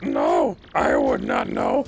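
A man voicing a gruff, deep-voiced male game character with a growling, blustery delivery. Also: wildly swooping pitch, slow, music in the background, heavily acted.

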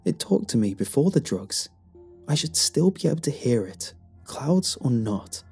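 A man reading a horror story aloud in a slow, brooding delivery with sudden rises. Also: medium pitch, sing-song, gravelly, a little mellow, soft background music. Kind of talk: scripted horror narration.

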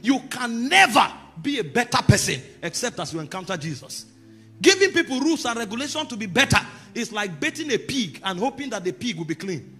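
A man, preaching with a husky, bright edge and a voice that leaps high and low. He moves from calm teaching to loud, emphatic declarations. Soft music plays behind him. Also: a little fast. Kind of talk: sermon.

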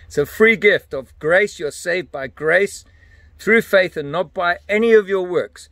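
A male preacher teaching from scripture with earnest emphasis, his voice sitting a touch high for a man. The sound is dry and close, with no room echo behind him. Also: measured pace, fairly bright tone. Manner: earnest, emphatic, laughs between points. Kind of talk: Bible teaching.

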